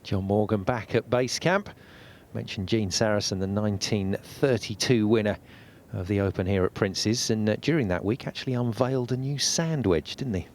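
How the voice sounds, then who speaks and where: A man doing measured, conversational play-by-play as a golf commentator on a broadcast. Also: lowish voice, slight background noise. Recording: music bed under the commentary.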